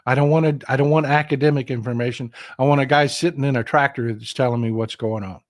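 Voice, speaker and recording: A man's voice: mid-range voice, fairly even intonation, quick pace. A middle-aged man from Texas hosting a political livestream, talking straight to his viewers in a casual, impassioned and emphatic way. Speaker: political commentary livestream host.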